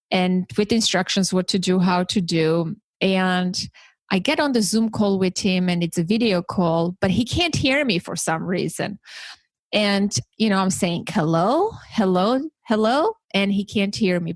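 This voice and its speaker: A woman hosting a podcast, chatting through her year in a relaxed, storytelling way. She gets animated and jumps her pitch when she quotes people. Her voice sits in a middle range and the sound is dry and close. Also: no echo. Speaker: podcast host. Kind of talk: casual conversational storytelling.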